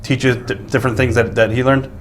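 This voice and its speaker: Quick-talking male interviewer. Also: mid-range voice, level tone. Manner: brisk, prompting questions. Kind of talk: interview questions.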